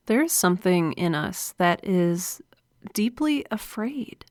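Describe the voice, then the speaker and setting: A woman's voice: on the low side, animated, slow pace, darkish tone, no room sound. A woman hosting a solo podcast, talking in an earnest, confiding way with a smile in her voice, close to a microphone. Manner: earnest, confiding, smiling delivery. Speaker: podcast host. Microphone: studio microphone.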